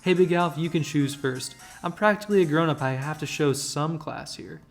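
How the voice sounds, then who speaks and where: A man voicing an excitable, impatient young boy rival in a video game, reading his lines in a rushed, eager way. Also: on the high side, soft background music, close to an everyday voice. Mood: excited. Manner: excitable, rushing.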